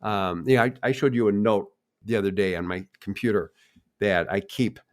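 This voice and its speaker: A man's voice: on the low side, normal speed. An older man co-hosting a family podcast, folksy and encouraging in tone. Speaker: co-host. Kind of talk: casual podcast chat.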